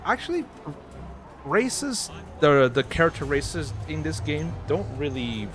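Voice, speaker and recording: A man hosts a casual gaming livestream, rambling through live-stream chat with plenty of fillers and restarts and laughing easily. His voice sits on the high side, sing-song and a little slow, with game music in the background.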